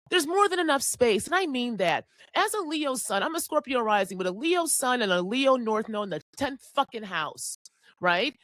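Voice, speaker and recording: A woman astrologer in her forties talks straight into a close, dry mic. She preaches with fire and swears freely, and her fairly high voice swings in pitch as she pushes close to tears. The sound is intimate and has no room echo. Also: a bit bright. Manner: fiery, preachy, profane, near tears. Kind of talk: impassioned forecast monologue.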